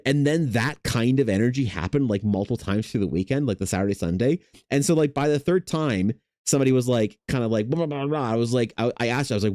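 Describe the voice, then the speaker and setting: Mellow-voiced rambling young man. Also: mid-range voice, fast, few pauses, dry recording, studio quality. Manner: rambling, animated storytelling with lots of fillers. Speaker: artist hosting a drawing stream. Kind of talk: casual chat while drawing.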